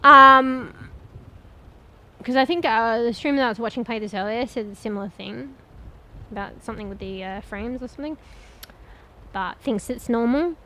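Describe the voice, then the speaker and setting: A woman with a fairly high voice talking her way through a game for her stream. She rambles and thinks out loud as she explores, talks straight to her viewers, and drops casual swears along the way. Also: normal speed, long pauses, a little hiss or hum, rough recording. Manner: chatty, addresses viewers directly. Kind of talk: casual gameplay commentary.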